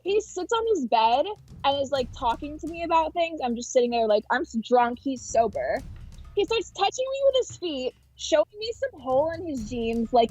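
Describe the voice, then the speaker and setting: A young woman being interviewed, telling a story in a quick, offhand way full of "like" and quoted dialogue, over dull, dry audio. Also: high voice, sing-song, a little mellow. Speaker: interview guest.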